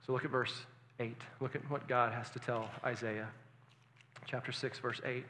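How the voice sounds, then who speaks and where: Male pastor, sermon, bright forceful voice, hushed to loud swings, long hall reverb. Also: medium pitch, flat delivery, normal speed, slight background noise. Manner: engaging, asks the congregation questions.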